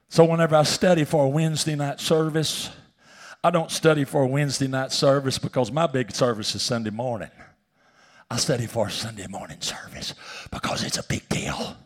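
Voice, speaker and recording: A man preaching a sermon in church, telling a personal story and swinging from shouts down to hushed whispers. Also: medium pitch, normal speed, pauses often. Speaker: pastor. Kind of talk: sermon testimony.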